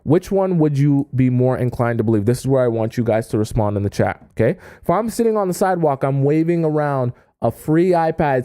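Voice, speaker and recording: A man's voice: medium pitch, lively intonation, a little fast, few pauses, dark tone, smooth, no room sound, clean studio sound. A man giving dating advice to an online audience in a casual, emphatic way, often checking in with his listeners. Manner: emphatic, keeps checking in with "okay?" and "right?". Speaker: dating coach.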